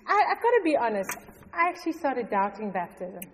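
High-voiced woman in a reverberant hall. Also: brisk, slight background noise. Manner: animated storytelling, often laughing. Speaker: church member giving testimony. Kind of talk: personal testimony to a congregation.

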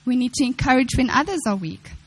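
Young woman preacher, high-pitched, earnest and repetitive, acts out quotes mid-sermon. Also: animated, fast, rough recording. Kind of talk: sermon to women.

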